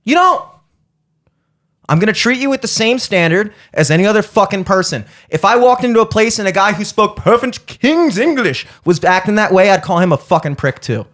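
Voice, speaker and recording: A man's voice: high voice, animated, fairly quick, few pauses, fairly bright tone. A young man hosting a podcast, telling a heated, profane story as a comedic rant and acting out both sides of it. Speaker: podcast host.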